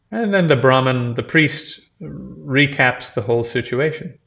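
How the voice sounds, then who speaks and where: A man's voice: mid-range voice, a little slow, gravelly, few pauses, lo-fi sound. A man giving a teaching talk, retelling an old scripture story and explaining its terms as he goes. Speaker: lecturer on Buddhism.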